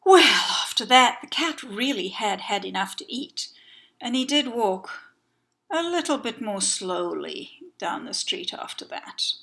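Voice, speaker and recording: A woman storyteller telling a folktale by heart, expressive, with dramatic hushed whispers. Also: on the high side, unhurried, gravelly.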